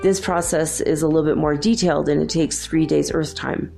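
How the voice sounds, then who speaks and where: A woman's voice: low voice, steady tone, a little fast, creaky, warm tone, soft background music. A woman host telling a spiritual story in a casual, earnest and reassuring way, with many fillers. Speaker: podcast host.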